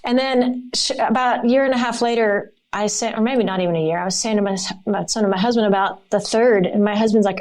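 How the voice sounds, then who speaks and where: A woman's voice: medium pitch, fairly quick, a little mellow. A middle-aged woman from Florida, a former deputy and interview guest, talking frankly and candidly. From Florida, USA. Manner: frank, candid, swears casually. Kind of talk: casual interview chat.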